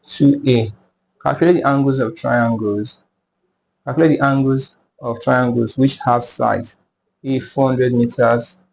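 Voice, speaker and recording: A man slowly working through a math tutorial step by step, repeating each number aloud as he goes. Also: medium pitch, steady tone, gravelly, a little mellow, a little hiss or hum, rough recording. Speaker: math teacher.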